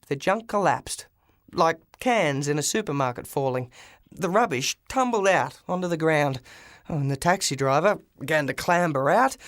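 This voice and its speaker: A man's voice: on the high side, fairly bright tone, no echo, studio quality. A man reading a first-person storybook aloud as an audiobook, with frequent restarts and small fillers. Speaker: audiobook reader. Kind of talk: scripted audiobook narration.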